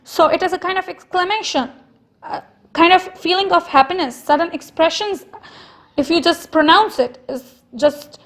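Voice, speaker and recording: A woman teacher from Pakistan giving a recorded lesson to young pupils, explaining slowly and repeating example sentences with stress. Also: extremely high pitch, a bit bright. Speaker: school teacher.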